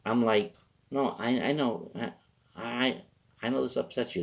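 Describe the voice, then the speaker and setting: A man's voice: mid-range voice, steady tone, measured pace, creaky. A man hosting a show, telling a rambling comic story from his youth with lots of asides. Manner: rambling, self-interrupting. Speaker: host. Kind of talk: comedic storytelling.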